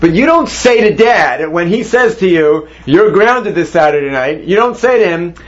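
A man's voice: high-pitched, expressive, normal speed. A man teaching a Torah class, posing questions to his students and mixing Hebrew terms into his explanations. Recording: dull lo-fi recording.

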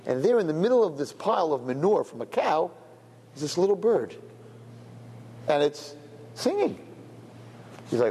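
A man, a rabbi, telling a parable in a sermon as an animated storyteller who drops in Yiddish words. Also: a little high, normal speed, long pauses, husky. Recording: lecture hall reverb, faint noise.

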